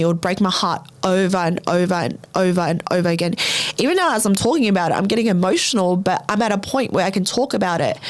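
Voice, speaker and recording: A young Australian woman hosting a podcast, telling her own story candidly in blunt, run-on sentences full of swearing. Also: medium pitch. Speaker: podcast host.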